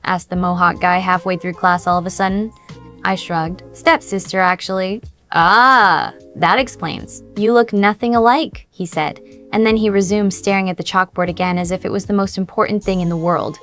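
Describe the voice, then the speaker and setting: A woman reading a first-person story aloud in an even storytelling manner. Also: lowish voice, brisk. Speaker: narrator. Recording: faint background music.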